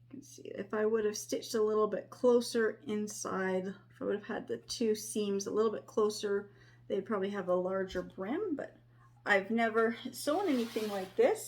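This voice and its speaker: A woman quietly narrating her sewing project at home, thinking aloud and often dropping to a whisper. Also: mid-range voice, moderate pace. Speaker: crafter sewing on camera. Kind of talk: casual crafting narration. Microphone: desk microphone near her.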